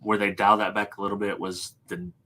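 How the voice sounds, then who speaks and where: A man's voice: fairly low pitch, little pitch movement, brisk, sharp tone. A man co-hosting a casual movie chat, easygoing and agreeable, saying "dude" and "yeah" a lot. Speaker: podcast co-host.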